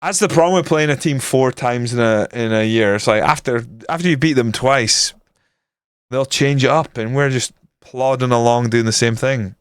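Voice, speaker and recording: Man streaming a management game, smooth clear voice, dry close sound, casual grumbling, frequent swearing. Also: medium pitch, normal speed, no echo. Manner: frustrated, grumbling, swears often. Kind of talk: casual live-stream commentary.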